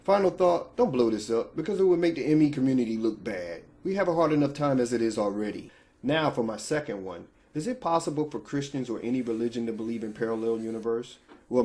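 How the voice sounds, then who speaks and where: A man's voice: medium pitch, dark tone, slight background noise. Man talking straight to his viewers. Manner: direct, opinionated, talks straight to viewers. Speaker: channel host. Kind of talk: casual vlog commentary.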